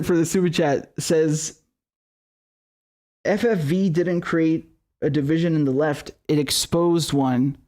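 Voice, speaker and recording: A man with a fairly high voice hosts a political livestream. He reads viewer messages, then turns to furious, profane, repetitive ranting. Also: darkish tone. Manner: profane, angry, repeats himself. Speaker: political commentary host. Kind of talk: livestream reading super chats, ranting.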